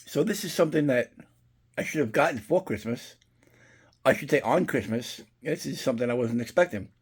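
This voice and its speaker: A man's voice: mid-range voice, lively intonation, fairly quick, breathy edge. A middle-aged man chatting casually and rambling through a profane story as he shows off horror collectibles. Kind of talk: casual unboxing chat.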